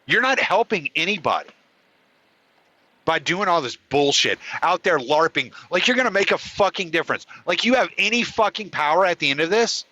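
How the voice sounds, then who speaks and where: A man's voice: high-pitched, expressive, normal speed, bright, forceful tone, poor audio. A man hosting his own show, delivering an angry, profane rant. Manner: furious, profane, heated ranting. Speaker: podcast host. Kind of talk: angry ranting monologue.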